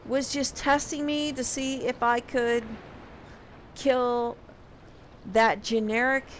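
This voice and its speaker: A woman's voice: a little high, a bit bright, a little hiss or hum. A young woman casually recapping a game, sarcastic and profane in her exasperation. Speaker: game reviewer.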